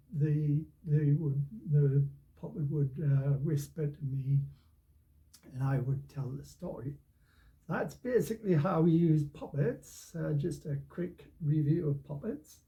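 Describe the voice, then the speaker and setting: An older man explaining how to tell stories with puppets and storybooks, in a relaxed, rambling way with many restarts. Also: fairly high pitch, rough recording. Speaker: storytelling teacher.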